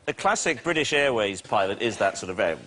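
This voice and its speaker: A man on a comedy panel show, joking in quick quips. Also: fairly low pitch, big pitch swings, fairly bright tone. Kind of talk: comic panel banter.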